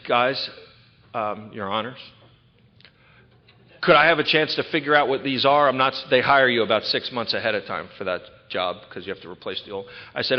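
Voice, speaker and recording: A middle-aged man tells his recovery story to a retreat audience, lively and full of quick asides. His voice carries a long reverb from a large hall, and the recording sounds dull and lo-fi. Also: mid-range voice. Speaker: recovery speaker. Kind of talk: personal recovery talk at a retreat.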